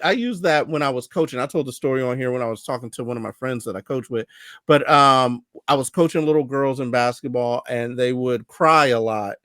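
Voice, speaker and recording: A man hosting a podcast, chatting casually and telling stories with animated voices. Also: medium pitch, no room sound, clean studio sound. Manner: animated storyteller, acts out voices. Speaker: podcast host. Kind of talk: casual conversation.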